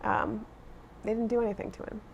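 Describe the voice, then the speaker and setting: A middle-aged woman speaking as an education advocate in an interview, measured, earnest and emphatic. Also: mid-range voice, flat delivery, creaky, highs cut off, a little hiss or hum.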